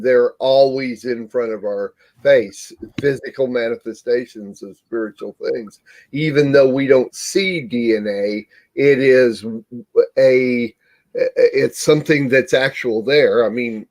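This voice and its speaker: Guy talking real slow on a church panel, lots of uhs and restarts. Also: medium pitch, darkish tone. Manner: halting, many restarts. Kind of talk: casual faith discussion.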